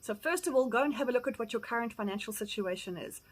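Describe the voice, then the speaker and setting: A middle-aged South African woman giving candid, blunt advice, acting out quoted conversations with lively energy and casual swearing. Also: a little high, fast, low-quality recording. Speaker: farm vlogger. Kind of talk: candid personal advice talk.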